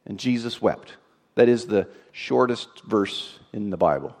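A man preaching a sermon in an expressive way, moving from loud emphasis to a hushed, tender tone. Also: fairly low pitch, measured pace.

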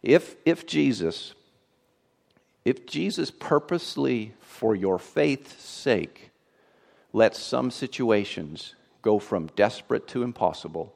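Lively, expressive male preacher. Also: medium pitch, takes it slowly, vocal fry. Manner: expressive, shifts from loud emphasis to hushed tenderness. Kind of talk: sermon.

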